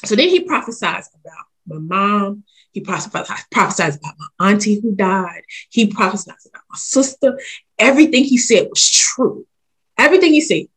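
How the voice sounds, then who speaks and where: A woman casually telling a story in an animated, emphatic way. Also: medium pitch, moderate pace, breathy edge. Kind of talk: casual chat.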